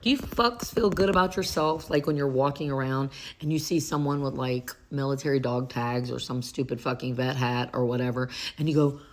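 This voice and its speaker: A woman's voice: very deep voice, a little fast, few pauses. A woman ranting in a social media video, sarcastic and exasperated, with plenty of swearing.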